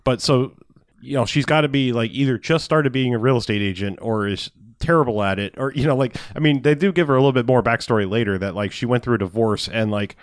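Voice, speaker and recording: A man's voice: medium pitch, fast, dry recording, studio quality. A man casually recapping a movie plot in a rambling, profane way, laughing often.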